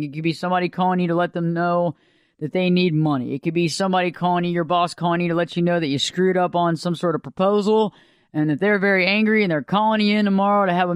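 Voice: mid-range voice, quick pace, clear, resonant tone, no echo. A radio talk show host, delivering a folksy, conversational monologue.

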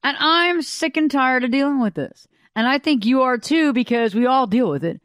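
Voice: sits high, expressive, moderate pace, a bit bright, smooth, dry recording. A radio talk show host, delivering a folksy, conversational monologue.

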